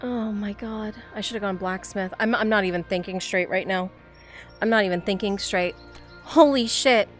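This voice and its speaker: A woman's voice: medium pitch, moderate pace, soft background music. A woman streamer talking casually to her chat, exasperated and cursing freely. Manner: exasperated, swearing, talks to chat.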